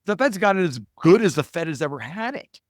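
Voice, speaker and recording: A man talking as a guest analyst in a podcast interview, emphatic and profane, piling up quick digressions and restarts. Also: high-pitched, sing-song, dry recording, clean studio sound.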